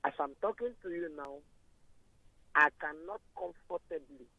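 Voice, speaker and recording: Male Nigerian caller, high and gravelly voice, insistent and emphatic, on a tinny phone line. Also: normal speed, bright, forceful tone, dry recording. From Akwa Ibom State, Nigeria. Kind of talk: phone-in call.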